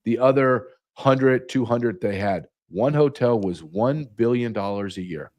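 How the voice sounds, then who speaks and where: A man's voice: mid-range voice, measured pace, a little mellow. A man speaking as a guest, emphatic and repeating key numbers for effect. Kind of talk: emphatic interview talk.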